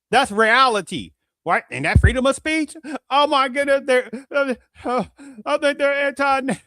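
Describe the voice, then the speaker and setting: A man with a high voice runs his own show as a commentary monologue, tossing out rhetorical questions and circling back to the same points. The sound is dry and close, with no room around him. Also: pushed and bright, dry recording. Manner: rhetorical, repeats "right?" and "do you understand that?". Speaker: show host.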